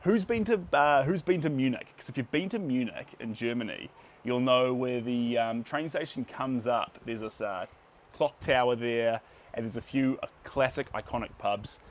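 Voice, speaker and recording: A man's voice: medium pitch, normal speed, a little hiss or hum. A man with a New Zealand accent chatting casually to his livestream viewers as he paints, greeting them by name.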